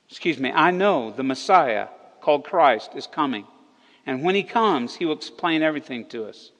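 A man preaching a sermon as pastor, retelling a story with animated, emphatic delivery that rises on key words. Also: medium pitch, big-room sound, low-quality recording. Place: church hall.

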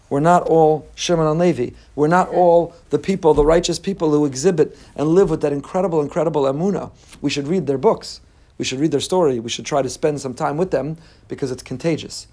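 A man teaching a Torah lesson, earnest and repetitive, swinging between emphatic lists and quiet asides. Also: high voice. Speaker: rabbi teaching a class.

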